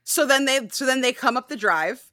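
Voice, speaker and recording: A woman's voice: high-pitched, expressive, normal speed, pushed and bright, no echo, clean studio sound. A woman in casual chat, heatedly recapping a show with a lot of swearing and acted-out quotes. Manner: heated, profane, acts out quotes.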